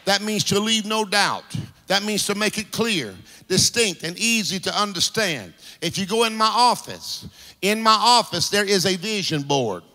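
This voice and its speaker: A man pastor preaching a sermon in a rhythmic, sing-song style that swells into shouts. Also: sits high, lively intonation, moderate pace. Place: church sanctuary. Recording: reverberant hall with music underneath.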